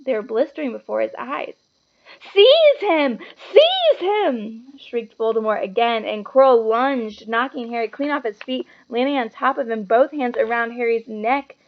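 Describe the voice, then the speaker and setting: A woman reading a children's book aloud with expressive, dramatic storytelling. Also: on the high side, moderate pace, few pauses, lo-fi sound. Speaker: storybook reader.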